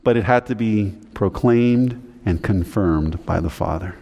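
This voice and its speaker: A man preaching a teaching sermon in a low voice, chatty and explanatory, his pitch rising sharply whenever he drives a point home. The room rings with a long hall echo behind him. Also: a little slow, gravelly, warm tone. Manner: conversational teaching, voice climbing in pitch when emphatic. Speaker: pastor.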